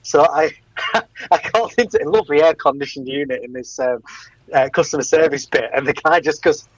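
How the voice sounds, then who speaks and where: Chatty radio guy, fairly high voice, dry close mic, laughs a lot. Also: a little fast, no room sound, muffled recording. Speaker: radio presenter. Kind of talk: casual radio chat.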